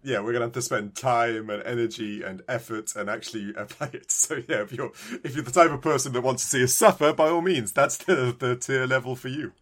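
A man's voice: medium pitch, brisk, hardly any pauses, fairly bright tone. Joking British man co-hosting a podcast. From Britain. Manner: joking, self-deprecating banter. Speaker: podcast co-host. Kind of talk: casual chat.

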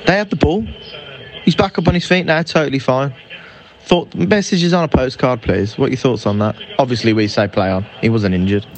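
A man giving lively, animated live match commentary as a fan. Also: medium pitch, a little fast, a little hiss or hum. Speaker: podcast co-host. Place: indoors by a fireplace.

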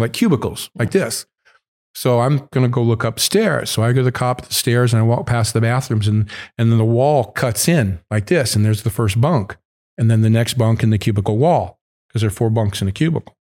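A man's voice: mid-range voice, a little fast, a little mellow. A man casually telling a long story, candid and full of swearing. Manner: profane, candid and rambling.

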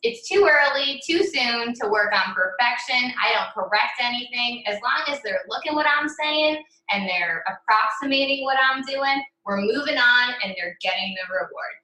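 A chatty woman host speaks in a bright, sharp voice and shares classroom tips at a lively clip. Her voice rings through a roomy, echoey space, and she slips easily into a bossy teacher tone when she tells a story. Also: a little high, moderate pace, hardly any pauses. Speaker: podcast host, speech therapist. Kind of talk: casual podcast chat.

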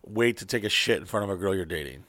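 A man's voice: deep voice, expressive, fast, pushed and bright. A man chatting casually as a podcast host, swearing freely and acting out quotes as he tells stories. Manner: profane, storytelling, acts out quotes in voices. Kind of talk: casual chat.

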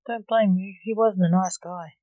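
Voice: mid-range voice, fairly even intonation, moderate pace, no echo, narrow, tinny audio, close to an everyday voice. A reader voicing a sarcastic, dismissive young man who snaps back at his father, in a storybook reading. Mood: snappy. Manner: snappy, dismissive. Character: snappy, sarcastic adult male son, necromancer.

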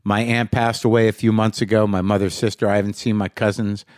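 A man's voice: fairly low pitch, little pitch movement, darkish tone, dry recording, clean studio sound. A man hosting a podcast in a rambling, profane monologue, punchy and short on sleep. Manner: rambling, rapid-fire questions, profane. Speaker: podcast host. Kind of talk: casual monologue.

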